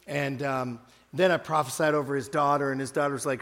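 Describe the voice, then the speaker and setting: An older man preaching a sermon, telling a story in a lively way and surging into loud emphatic bursts as he acts out what people said. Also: medium pitch, brisk, in a large hall.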